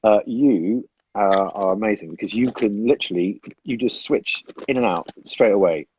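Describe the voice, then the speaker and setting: Hesitant low-voiced man on lo-fi phone audio. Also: moderate pace, darkish tone, a little hiss or hum. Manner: rambling, hesitant, self-interrupting. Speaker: actor answering fan questions. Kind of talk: casual live-stream chat.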